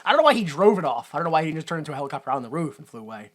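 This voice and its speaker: A woman's voice: sits low, big pitch swings, racing. A woman co-hosting a podcast, casually recapping a movie in a rambling way with sarcastic asides. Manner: rambling, filler-heavy retelling with sarcastic asides. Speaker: podcast co-host.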